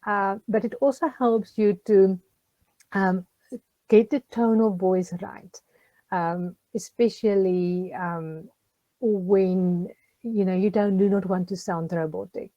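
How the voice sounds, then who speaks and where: In a casual recorded tutorial, a social worker with a warm, medium-pitched voice encourages her group, chatting with plenty of ums and questions. The audio is dry and lo-fi.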